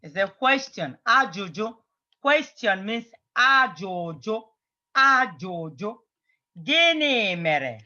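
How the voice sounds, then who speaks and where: Slow, bright-voiced teacher. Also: medium pitch, highs cut off. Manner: patient, repeats phrases slowly for drilling. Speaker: language teacher. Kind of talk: online language lesson.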